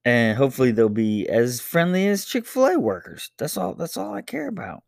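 A man in his thirties hosting a casual solo podcast. He tells a family story in a lively, animated way, laughing often and jumping into high voices. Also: moderate pace, gravelly, dry recording, clean studio sound. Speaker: podcast host.

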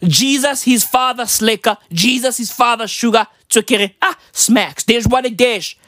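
A woman delivering a profane comedic rant, firing off rapid rhetorical questions and swinging between low mutters and high squeals. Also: steady tone, fairly bright tone, no room sound, studio quality.

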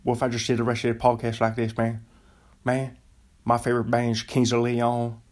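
A man's voice: mid-range voice, completely flat delivery, normal speed, a little mellow, lightly acted. A man putting on a Southern accent as a laid-back good ol' boy who calls everyone man. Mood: goofy. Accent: Southern US, put on. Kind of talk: podcast impression bit.

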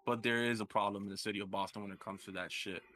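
A man's voice: on the low side, fairly even intonation, fast talker, sharp tone, a little hiss or hum. A man co-hosting a casual sports podcast, rambling with lots of "like" and "you get me". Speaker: podcast co-host.

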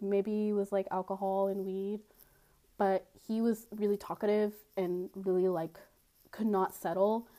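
A woman's voice: medium pitch, dark tone. A young woman with a mid-range voice talks through a personal story on her podcast. She is blunt and candid, and her speech is loose and rambling, full of fillers and casual swearing. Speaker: podcast host. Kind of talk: confessional storytelling monologue.

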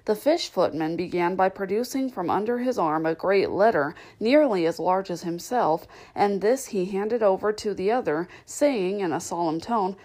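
A woman narrating a classic children's story in a measured, clear storytelling manner, with the odd slip. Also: medium pitch, expressive, a little mellow, rough recording. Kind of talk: audiobook reading of a classic novel.

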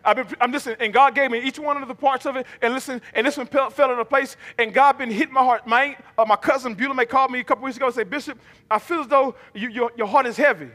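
A male pastor with a very high, bright, forceful voice delivers an emphatic sermon, having the congregation repeat his lines back to him. His words ring out with a long reverb through a large church sanctuary. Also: fast talker. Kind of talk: sermon with call and response.

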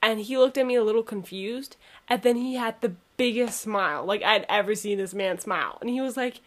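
A woman's voice: medium pitch, brisk. A teenage girl in casual chat about school, talking in a chatty, slangy way.

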